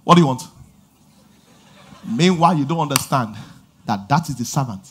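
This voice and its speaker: A middle-aged man preaching a sermon in a church, with animated delivery and sudden loud exhortations. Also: mid-range voice, normal speed, a little hiss or hum. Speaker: pastor. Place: church auditorium.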